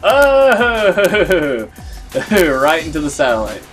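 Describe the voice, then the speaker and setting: Over faint background music, a man with a mid-range voice provides casual let's-play commentary at normal speed. As a gaming video host, he rambles and packs his talk with "like."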